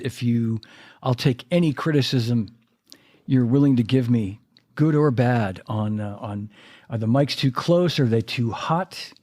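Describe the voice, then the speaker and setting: A man's voice: mid-range voice, darkish tone. A man hosting a casual live stream from his home drum room, talking in a rambling, self-deprecating way as his voice starts to go. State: losing his voice. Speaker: podcast host and drummer.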